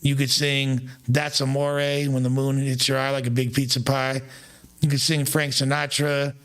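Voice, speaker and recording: A man hosting a casual chat, talking loose and slangy with plenty of rough language. His voice sits at an ordinary pitch. He jumps it up high now and then to make a point. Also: level tone, normal speed, a bit bright. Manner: loose slang-heavy banter, swings pitch up for emphasis. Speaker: streamer host.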